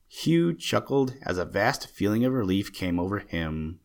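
Deep-voiced man narrating a story. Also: moderate pace, hardly any pauses. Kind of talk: audiobook narration.

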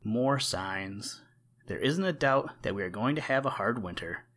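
A man's voice: lowish voice, lively intonation, measured pace, a bit bright. A man voicing a shrewd, self-assured male crow in a storybook reading, with a slightly raised, sly delivery. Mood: chatty.

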